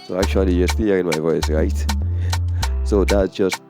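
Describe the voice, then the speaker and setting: A man's voice: sits low, normal speed, over music. A man hosting a casual how-to video, explaining equipment step by step and speaking into a condenser microphone. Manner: relaxed, explains step by step with many "so"s. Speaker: tech tutorial host. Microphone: condenser microphone through a sound card.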